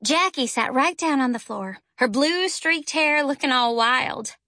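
Reading a first-person story aloud, a female audiobook narrator tells it in a lively, expressive, unhurried way. Her voice is high and bright, and the recording is close and dry.

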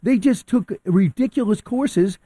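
A man's voice: high voice, a little slow, breathy edge, no echo. A man on talk radio giving heated opinionated commentary, acting out quotes as he argues. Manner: animated, quotes people in acted voices.

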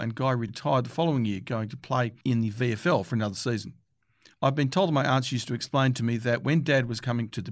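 A man reading sports news articles aloud in a steady way, with the odd filler. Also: medium pitch, no echo, clean studio sound. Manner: steady read-aloud delivery with occasional fillers.

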